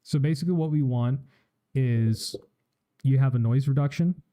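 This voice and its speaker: A man's voice: mid-range voice, normal speed, mellow. A man streaming a casual tutorial from his home setup, explaining microphone settings into a studio mic. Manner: explanatory, casual, tests mic with test phrases. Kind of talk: live-stream tech tutorial. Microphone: studio microphone with live effects.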